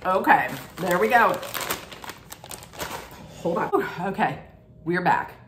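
Slow, chatty woman in a roomy space. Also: lowish voice, lively intonation, a little hiss or hum. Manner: chatty, candid, thinks aloud while tasting. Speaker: snack unboxing vlogger. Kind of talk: casual unboxing and taste-testing vlog. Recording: roomy echo.

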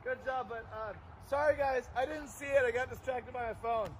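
A man teaching a martial arts class for children, leading loud call-and-response drills in a playful, commanding way. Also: very high voice, steady tone, normal speed. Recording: loud outdoor traffic noise.

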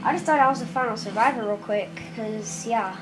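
A woman giving casual commentary over her own game, jittery and nervous that turns into shouted excitement, recorded on a camera filming the screen. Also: a little high, fairly quick, music in the background. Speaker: gameplay commentator.

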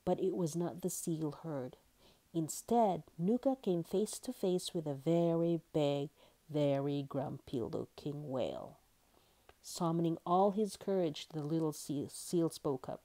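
A woman reading a children's picture book aloud in a gentle, expressive way. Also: sits low, a little slow. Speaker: storyteller.

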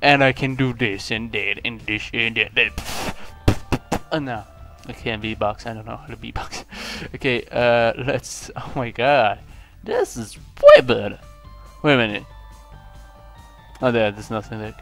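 A young man from Lithuania, whose first language is Lithuanian, rambles through casual gameplay commentary at a middle pitch. He mocks himself and breaks into sudden excited yelps. Faint game music plays underneath. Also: unhurried. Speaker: gaming channel host.

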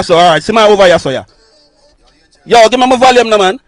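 A Jamaican man, a sound system selector, talking in excited, hyping live banter. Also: high voice, no room sound. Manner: excited, hyping, quick exclamations.

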